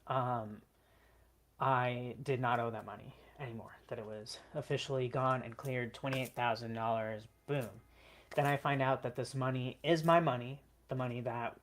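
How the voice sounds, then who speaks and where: A vlogger telling a personal story in an earnest, emotional way, with frequent "like" and "um" fillers. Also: medium pitch.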